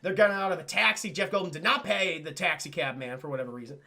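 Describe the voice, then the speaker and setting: Gravelly, animated male streamer. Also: on the high side, quick pace. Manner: animated, profane, addresses chat, laughs often. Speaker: streamer, film reviewer. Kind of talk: casual scene-by-scene film recap.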